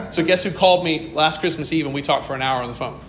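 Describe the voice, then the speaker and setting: Man pastor, storytelling sermon, bright lively voice, echoey hall, faint hiss. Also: on the high side, fairly quick. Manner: storytelling, acts out dialogue, laughs often.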